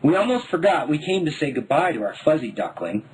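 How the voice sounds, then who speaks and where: A man from Denver narrating his own memoir in a wry, deadpan voice. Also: on the high side, brisk, a little hiss or hum, rough recording. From Denver, United States. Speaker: memoir author.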